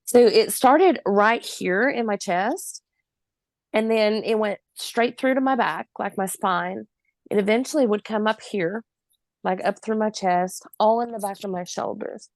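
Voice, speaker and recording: A woman in her forties recounts her own story as a podcast guest. Her voice has a gravelly, fried edge, and her telling is vivid and emphatic, with the odd laugh. The recording is dry and close, with no room sound. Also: medium pitch, a little slow, no echo.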